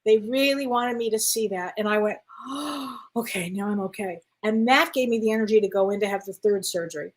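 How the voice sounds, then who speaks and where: Telling her story as a guest in casual chat, this woman is an animated narrator, performing voices and laughing frequently. Her pitch is medium and she talks quickly with few pauses.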